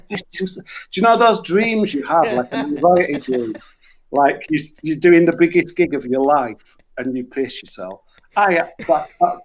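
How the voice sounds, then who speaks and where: A middle-aged man with a Yorkshire accent, telling crude, sweary stories in a casual chat on a radio show. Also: fairly high pitch. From Yorkshire, England. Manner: crude, swearing, animated anecdotes with put-on voices.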